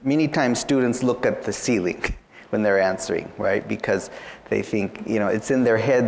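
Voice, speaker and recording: A man's voice: mid-range voice, fairly quick, gravelly, a little mellow, a little hiss or hum. A man tutoring students for an interview exam, explaining each point patiently and often saying "you know". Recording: long hall reverb.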